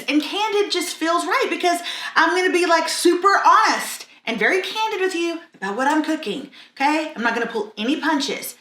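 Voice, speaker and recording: A woman's voice: very high-pitched, bright, forceful tone, echoey room. A woman hosting a casual cooking tutorial in her home kitchen, blunt, sarcastic and self-mocking. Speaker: cooking vlog host.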